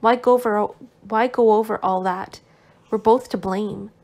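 A woman's voice: medium pitch, steady tone, measured pace, creaky, darkish tone. A woman reading as a weary, tender young man. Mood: tender, reproachful. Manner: tender, reproachful. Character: gentle weary young man, recovering invalid. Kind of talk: audiobook dialogue reading.

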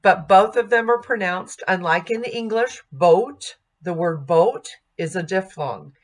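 Speaking in a mid-range voice, this female instructor teaches music diction at a slow, careful pace, demonstrating sung vowels and words as she goes.

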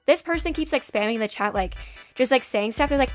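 Sassy high-voiced woman, fast storytime. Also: expressive. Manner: sassy, chatty, lots of "like". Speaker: YouTube graphics artist. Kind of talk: casual storytime vlog. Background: faint background music.

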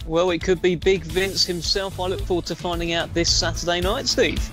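A man's voice: sits high, fairly even intonation, fairly bright tone, faint music behind. A man hosting a boxing podcast, playful and jokey, teeing up his co-host with puns and light teasing. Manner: jokey, playful, quick to laugh. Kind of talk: casual podcast chat.

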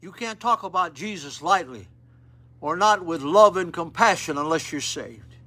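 Older man, preacher, sermon, high-pitched, bright tone, folksy, fervent. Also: lively intonation, normal speed, husky. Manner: folksy, plain-spoken, with fervent rising appeals. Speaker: rescue mission preacher. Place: mission auditorium.

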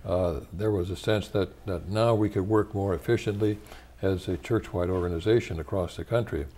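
Older man with a low, mellow voice. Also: fairly even intonation. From United States. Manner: measured and thoughtful, with frequent pauses and restarts. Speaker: interviewee, retired church leader. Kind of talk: reflective interview answers.

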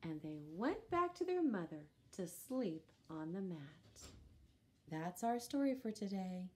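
Brief: woman storybook reader, slow, gentle, animated. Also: mid-range voice. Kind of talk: reading a children's picture book aloud.

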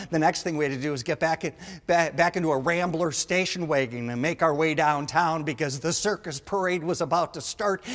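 Animated man telling stories on stage. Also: a little high. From Milwaukee, Wisconsin. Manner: animated, swings between loud excited shouts and soft asides. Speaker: stand-up storyteller. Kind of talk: comic storytelling on stage. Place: large theater stage. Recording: long theater reverb.

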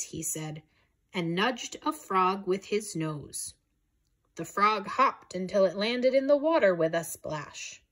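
Woman, storybook reading aloud, gentle, expressive, breathy, unhurried. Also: medium pitch. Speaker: storybook reader. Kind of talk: reading a picture book aloud.

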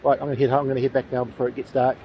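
A man's voice: medium pitch, little pitch movement, rapid-fire, dull audio, a little hiss or hum. A man with a New Zealand accent, vlogging outdoors near a railway tunnel in a chatty, enthusiastic, rambling way, with plenty of fillers. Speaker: paranormal vlogger. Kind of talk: casual outdoor vlog.

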